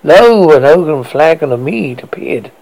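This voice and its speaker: A man's voice: a little high, expressive, unhurried, creaky, a little mellow, rough recording. A man hosting a podcast, telling a comic horror story in a rambling way that often stumbles over words. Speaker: podcast host.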